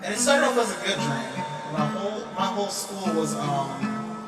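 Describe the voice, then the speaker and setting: Young male streamer, animated and rambling, laughs a lot; heavy room echo, guitar music underneath. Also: sits high, moderate pace. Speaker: livestreamer. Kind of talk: casual storytelling on a livestream. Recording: echoey room, distant mic, guitar music.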